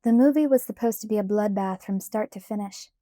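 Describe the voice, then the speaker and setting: A woman narrating a first-person audiobook in a steady, clear storytelling manner. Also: mid-range voice, a little fast, no room sound, studio quality.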